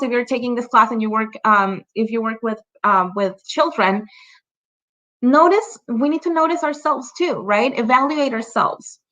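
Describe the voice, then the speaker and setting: A woman's voice: a little high, a bit bright, rough recording. A woman leading an online training for parents, talking conversationally, checking in often with "right?" and "you know" and laughing lightly between examples.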